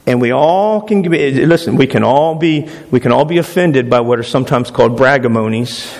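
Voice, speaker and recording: A man's voice: medium pitch, brisk, a little mellow. A man preaching a sermon as pastor, speaking emphatically and repeating phrases for stress. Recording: long hall reverb.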